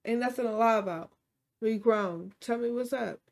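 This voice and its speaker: A woman's voice: a little high, moderate pace, vocal fry, darkish tone. A woman quoting a betrayed wife who talks bluntly and dismissively. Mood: fed up.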